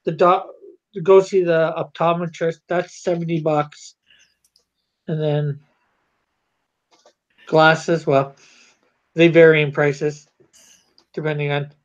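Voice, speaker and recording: A man's voice: a little high, flat delivery, takes it slowly, long pauses. A man chatting casually on a livestream, rambling with many fillers and restarts. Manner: rambling, hesitant, lots of fillers. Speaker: co-host of a live drawing stream. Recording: dull lo-fi stream audio.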